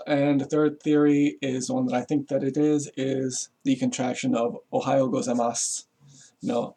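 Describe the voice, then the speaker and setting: A man's voice: mid-range voice, dark tone, breathy edge. A man giving a rambling, casual explanation to camera, full of fillers and swearing, chuckling as he goes. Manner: rambling, profane, chuckles often, lots of fillers. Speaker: vlogger.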